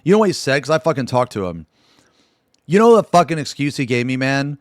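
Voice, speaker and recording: A man's voice: medium pitch, sing-song, a little fast, no echo, clean studio sound. A man streaming live, telling a story to his chat in a rambling, profane way, full of restarts and asides.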